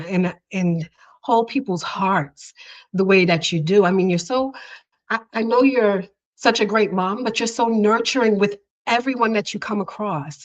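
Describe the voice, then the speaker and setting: A woman with a lower voice hosts a heartfelt podcast conversation, earnest and close to tears, her sentences full of restarts and soft laughter. The recording sounds dull and lo-fi. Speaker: podcast host.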